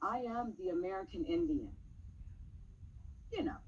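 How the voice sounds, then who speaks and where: A woman reciting a poem slowly and expressively. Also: lowish voice, animated, darkish tone, husky, dull audio. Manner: measured, with pointed pauses and rising emphasis. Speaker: speaker at a public meeting. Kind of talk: dramatic poetry recitation.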